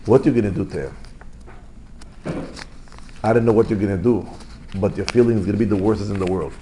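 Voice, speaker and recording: A rabbi giving an informal Torah lesson, telling stories in lively, non-native English. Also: male voice, on the low side, moderate pace, a little hiss or hum, poor audio. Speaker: rabbi teaching a class.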